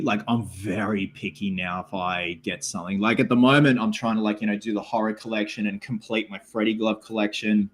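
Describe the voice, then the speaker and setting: An Australian man hosting a live stream, chatting loosely with viewers and reading out their comments, full of "like" and "man". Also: lowish voice. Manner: filler-heavy, keeps saying like and man. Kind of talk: casual live stream chat.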